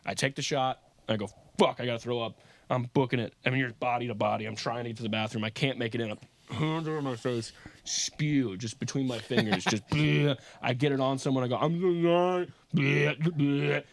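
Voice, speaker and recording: Fast-talking profane man telling stories. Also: medium pitch, creaky. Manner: profane, animated storyteller. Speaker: podcast co-host. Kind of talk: casual chat, storytelling.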